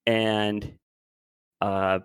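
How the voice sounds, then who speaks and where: Rambling twenty-something guy, low and dry. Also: little pitch movement, drawn-out words, smooth, no room sound. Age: 20s. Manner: rambling storyteller, loose and conversational. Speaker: podcast co-host. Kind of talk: casual chat.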